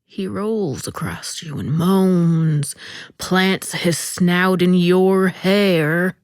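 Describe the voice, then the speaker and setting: A woman hosting a podcast, reading a short story aloud in a slow, deliberate way that dips into soft whispers. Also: lowish voice, no echo, clean studio sound.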